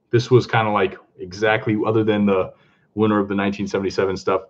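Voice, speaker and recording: A man chatting casually on a live stream, excitable and talkative, greeting viewers and laughing often. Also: lowish voice, dull audio. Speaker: comic book vlogger hosting a live stream.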